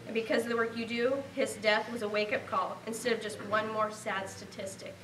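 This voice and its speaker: A woman's voice: fairly high pitch, flat delivery, a little fast, roomy sound, recorded from a distance, noisy background. A woman in her thirties from Nebraska giving a heartfelt award acceptance speech, earnest and grateful. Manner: heartfelt, earnest, speaking of a lost relative.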